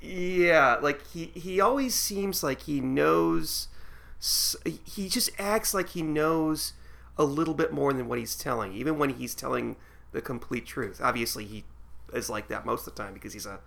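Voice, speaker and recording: Gravelly guy cohosting a pod, bright tone, gets animated n laughs a lot. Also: moderate pace. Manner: animated, laughs often, jumps to high excited pitch. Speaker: podcast co-host. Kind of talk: casual chat.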